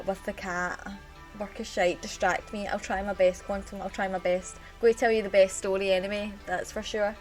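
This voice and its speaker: A woman with a Scottish accent chatting on a live stream, telling a rambling story and greeting her chat viewers as she goes. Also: on the high side.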